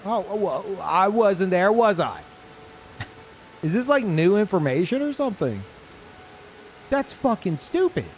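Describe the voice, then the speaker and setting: A man commentating his own gameplay on stream, cursing in disbelief and swinging from high yelps to low grumbles. His talk is slow and drawn out, with a fairly high, very lively pitch. A faint hiss sits under the desk-mic recording. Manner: swearing, incredulous, jumps between loud outbursts and low mutters.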